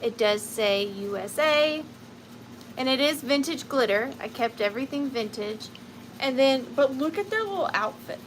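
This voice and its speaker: A woman in her thirties with a Southern US accent, hosting a live vintage sale in a chatty, upbeat way with high squeals. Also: animated, normal speed, slight background noise, rough recording. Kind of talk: casual live-stream selling chat.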